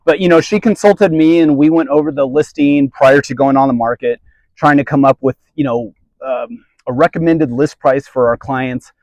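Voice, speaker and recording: Earnest, animated male realtor. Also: a little high, dry recording, rough recording. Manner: earnest, emphatic, candid. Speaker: real estate agent and team leader. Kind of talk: direct-to-camera advice video.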